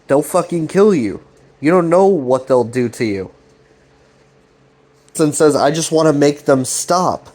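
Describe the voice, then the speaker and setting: A man's voice: fairly high pitch, animated, a little slow, pauses often, a little mellow. A man casually retelling a web series scene by scene, swearing freely and paraphrasing the characters' lines in a loose, rambling way. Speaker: commentary channel host.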